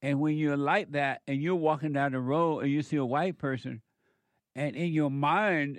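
A man's voice: on the high side, moderate pace, no room sound. Emphatic male talk-radio host, dry studio. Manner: emphatic, preachy, repeats phrases.

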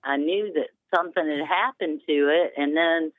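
A woman's voice: deep voice, normal speed, no echo. Rambling woman caller on a tinny phone line. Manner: rambling, hesitant, emotional. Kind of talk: phone-in call. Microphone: telephone.

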